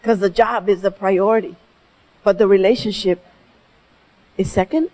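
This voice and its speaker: A woman's voice: mid-range voice, steady tone, moderate pace, darkish tone, rough recording. A middle-aged woman giving a motivational keynote, telling stories emphatically and mixing in Spanish phrases. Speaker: keynote speaker. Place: stage before an audience.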